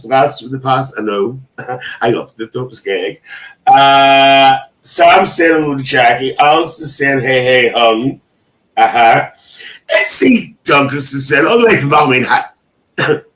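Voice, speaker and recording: A man's voice: medium pitch, fairly bright tone, poor audio. A man hosting a casual livestream, reading viewers' comments aloud in an emotional, chatty way with frequent laughter. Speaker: livestream host.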